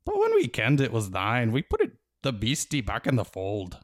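A man voicing tiny blue fairy warriors with a Scottish accent, boisterous and shouting. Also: mid-range voice, huge pitch swings, normal speed, no echo, clean studio sound. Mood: sheepish.

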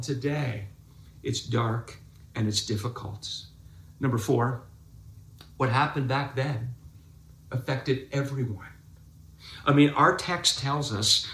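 A man's voice: medium pitch, fairly bright tone, roomy sound. A man preaching a sermon as pastor, emphatic and drawn out, repeating words for stress.

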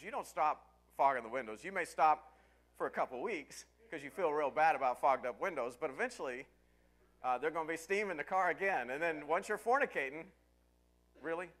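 A man preaching as a pastor, telling a story with lively swings from quiet asides to yelling. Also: on the high side. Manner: storytelling, animated, breaks into yelling and laughter. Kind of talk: sermon.

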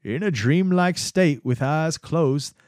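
A dreamy male chemist, as a podcaster puts him on, reading his account slowly and raised in pitch. The voice is set back a little from the mic and floats along in a drawn-out, wondering way. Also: expressive, a little mellow, no echo, clean studio sound. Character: male chemist recounting a dreamy drug experience.

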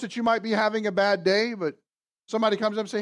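A man with a high, bright voice delivers a sermon from the pulpit. He surges to loud, emphatic lines and drops to soft, confiding asides, talking straight to his congregation. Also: fast. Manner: animated preaching, swings from loud emphasis to quiet asides. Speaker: pastor. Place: church.

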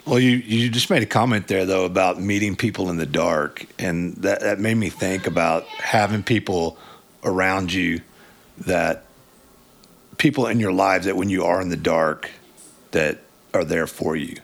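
A man with a very deep, gravelly voice and a husky edge hosts the conversation. He talks in a reflective, conversational way, picking up on what his guest just said. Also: unhurried. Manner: reflective, follows up on the guest's points. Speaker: podcast host. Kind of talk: conversational interviewing.

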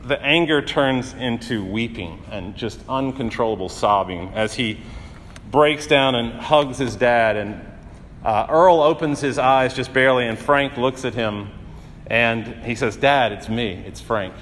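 A male pastor delivering a sermon, telling stories earnestly with dramatic pauses and rising emphasis. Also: medium pitch, a bit bright, in a large hall, a little hiss or hum.

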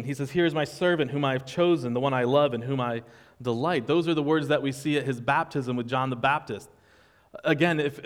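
Man, pastor, sermon, casual and wry, higher voice, long reverb. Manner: conversational, wry, acts out quoted voices.

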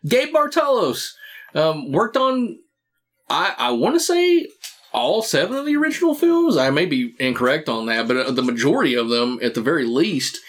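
A man with a fairly high, lively voice whose pitch swings widely. He chats casually about a movie, laughing often and stumbling over restarts as he gets excited. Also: normal speed. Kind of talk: casual movie commentary chat.

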